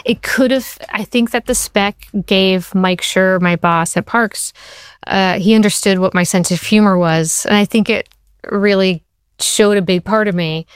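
A woman TV writer being interviewed, telling stories in an animated way and saying "like" often. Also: medium pitch, a little slow, clean tone, no echo, studio quality. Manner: animated storyteller, says "like" a lot. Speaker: TV writer and show creator, guest. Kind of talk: conversational interview.

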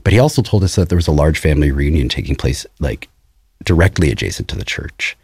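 A man, a composer and producer, talking through his recording work in a thoughtful, measured way with frequent pauses. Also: rumbling low, big pitch swings, darkish tone, husky, no room sound. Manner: thoughtful, many "um"s and restarts, measured storytelling. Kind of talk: casual interview conversation.

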